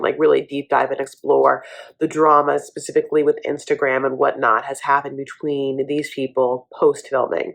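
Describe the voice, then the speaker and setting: Sassy woman dishing on reality tv, kinda low voice, calls everyone honey. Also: a bit bright. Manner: sassy, gossipy, says "honey" a lot. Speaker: reality TV recap host. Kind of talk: sassy casual commentary.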